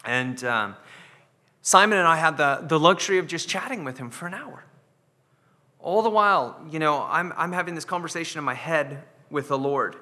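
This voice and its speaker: Bright-voiced pastor man, hall reverb. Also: a little high, expressive, moderate pace. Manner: earnest, repeats words when building a point. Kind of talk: sermon. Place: church sanctuary.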